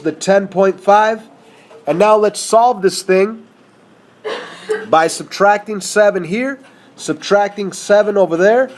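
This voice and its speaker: Male math teacher, high voice, casual and conversational, checks understanding often. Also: a little mellow. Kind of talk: whiteboard math lesson.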